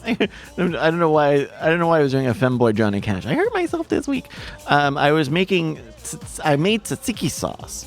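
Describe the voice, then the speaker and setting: Man, race caller, playful, rambling, swooping pitch, faint music behind. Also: vocal fry. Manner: rambling, full of restarts and self-corrections; playful, self-mocking storyteller. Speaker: marble race commentator and stream host. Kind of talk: casual livestream race commentary with rambling asides. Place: home streaming setup with a ring light.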